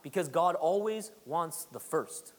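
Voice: medium pitch, animated, a little slow. A pastor preaching a sermon in a conversational way, hammering points through repetition and teasing the congregation. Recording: long reverb of a large hall.

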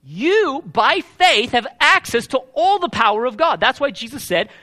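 A pastor preaching a live sermon, animated and emphatic, often checking in with the congregation. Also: male voice, extremely high pitch, normal speed.

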